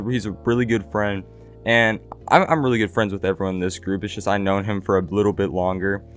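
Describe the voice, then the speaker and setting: A young man casually telling a story, slangy and profane, with lots of "like" and "right?" fillers. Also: on the low side. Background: faint background music.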